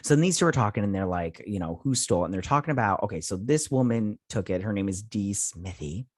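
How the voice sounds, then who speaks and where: A man's voice: on the low side, animated, a little fast, no room sound, studio quality. A man hosting a casual TV episode recap and review, rambling with lots of fillers and sounding exasperated. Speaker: TV review host.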